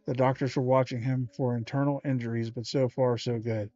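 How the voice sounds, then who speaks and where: A man voicing a worried mother who answers in quick, brisk reassurance, in a storybook reading. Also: medium pitch, steady tone, mellow, faint music behind, close to an everyday voice. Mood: reassuring. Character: worried mother, middle-aged woman. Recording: dull lo-fi stream audio.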